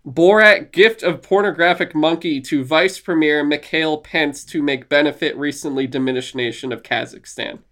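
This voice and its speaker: A man's voice: a little high, moderate pace, few pauses, fairly bright tone, natural voice. A man doing a comic Borat impression, a bumbling foreign male reporter in broken English with an exaggerated put-on accent. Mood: gleeful.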